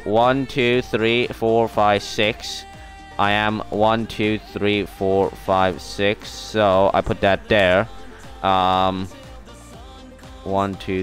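A man's voice: lowish voice, fairly bright tone. Young man muttering through a game stream. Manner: mutters to himself, counts aloud, sings along to music. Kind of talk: casual live-stream commentary while playing. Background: faint music.

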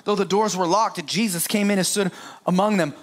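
A man's voice: high voice, fairly even intonation, brisk. A middle-aged pastor preaching an Easter sermon to his congregation, joking and speaking to them directly. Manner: playful, joking asides, talks straight to the congregation.

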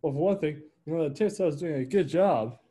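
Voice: mid-range voice, a little fast, mellow, natural voice. An amateur performer reading a dim young male actor who is confidently clueless.

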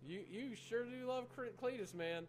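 Young male gamer, very high voice, fast panicky repeats over faint noise. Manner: repeats lines in rising panic. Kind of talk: crude joking game chat.

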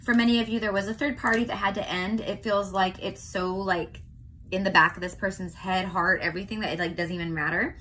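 A young woman from California giving a casual tarot reading to her viewers, chatty and often checking in with a quick "okay?". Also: mid-range voice, fairly even intonation, sharp tone, slight background noise. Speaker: tarot reader.

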